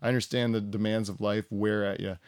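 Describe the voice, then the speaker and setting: A man's voice: fairly low pitch, flat delivery, brisk, clear, resonant tone, no echo. A middle-aged man, hosting a casual podcast and rambling freely between laughs, with swearing along the way. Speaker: podcast host. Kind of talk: casual chat.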